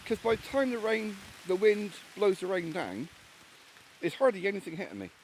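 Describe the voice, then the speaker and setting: With a high voice and big pitch swings, an Englishman rambles at a moderate pace about his camp in the rainy woods, speaking casually, bluntly, and with plenty of swearing. He's a solo camper filming a vlog. The recording is rough, with loud rain and slight background noise.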